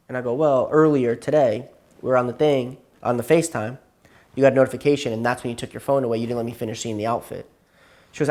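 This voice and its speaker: A man's voice: mid-range voice, steady tone, quick pace, dark tone. A man telling a long story to his therapist, rambling and repeating himself, tired and burnt out. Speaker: client in therapy session.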